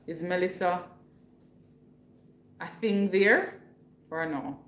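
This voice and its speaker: A woman's voice: lowish voice, slow pace, reverberant. A woman from Jamaica with a Jamaican accent, hosting a casual livestream at home and chatting with viewers while reading their comments aloud. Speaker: livestream host.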